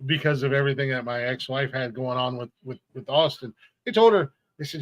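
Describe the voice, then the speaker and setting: A middle-aged man co-hosting a casual podcast, talking in a halting, rambling way full of fillers. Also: medium pitch, no echo, rough recording. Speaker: podcast co-host.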